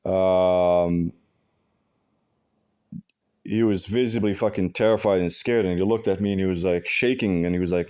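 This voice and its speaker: Low-ish guy with a mellow voice, rambling, cursing a lot, tons of ums and restarts. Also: fairly even intonation, clean tone. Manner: halting, with many fillers and restarts; heavy profanity, blunt and aggrieved. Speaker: vlogger. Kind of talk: casual rambling monologue.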